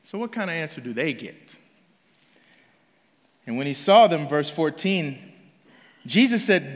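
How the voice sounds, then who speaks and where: High-voiced man preaching in a reverberant hall. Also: expressive, moderate pace, pauses often. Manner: conversational, emphatic preaching with frequent restarts. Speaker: pastor. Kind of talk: sermon.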